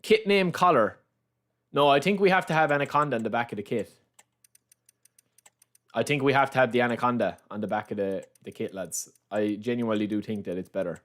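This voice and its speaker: A gaming livestreamer plays a football game and chats casually, teasing his viewers and calling everyone lads. His medium-pitched voice is brisk and a bit bright, and he repeats himself as he rambles.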